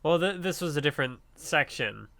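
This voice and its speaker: A man co-hosting a podcast in casual chat, retelling scenes with animated quoted lines. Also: fairly high pitch, a little fast, creaky, dry recording. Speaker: podcast co-host.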